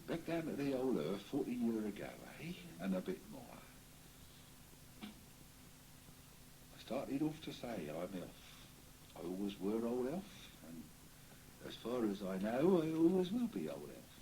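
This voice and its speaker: A man's voice: mid-range voice, very animated, measured pace, pauses often, dark tone, slight background noise, poor audio. Alf, a man voicing a chuckling Cockney coster spirit. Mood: chatty. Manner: rambling, chuckling, folksy chat. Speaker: trance medium. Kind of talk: séance trance communication.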